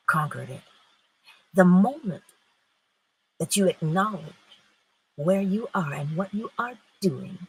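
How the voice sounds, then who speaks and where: A woman's voice: on the low side, fairly bright tone, a little hiss or hum, rough recording. A woman hosting a live-streamed morning inspiration talk. She mixes emphatic preaching with casual chat, answers viewers' comments and laughs often.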